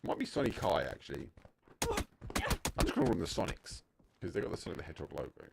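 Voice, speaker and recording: A man with an Essex accent casting live play-by-play commentary on an esports match, moving quickly between calm calling and excited bursts. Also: low-pitched, vocal fry, very noisy. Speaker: esports caster. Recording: game gunfire under the voice. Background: in-game gunshots and explosions.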